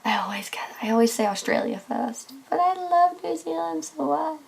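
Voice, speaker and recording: A young English woman talking casually in a video diary, gushing and excitable, often sighing and sometimes dropping to a hushed near-whisper. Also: high voice, normal speed, vocal fry. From England. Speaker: vlogger.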